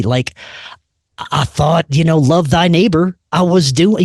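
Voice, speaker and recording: A man hosting a podcast, telling a personal story in a casual, animated way, acting out the voices he quotes and dropping "man" and "dude" often. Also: a little high, normal speed, no room sound, clean studio sound. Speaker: podcast host.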